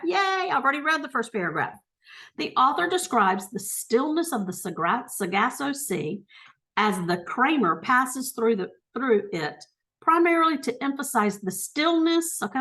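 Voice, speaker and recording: A woman's voice: on the high side, fairly bright tone. A woman teacher thinking aloud as she works through test questions, correcting herself and talking through each step.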